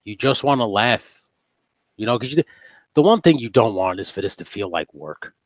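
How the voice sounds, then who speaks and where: A man's voice: on the low side, big pitch swings, normal speed, no room sound. A man in casual chat as a guest, laid-back and profane, laughing often. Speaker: podcast guest.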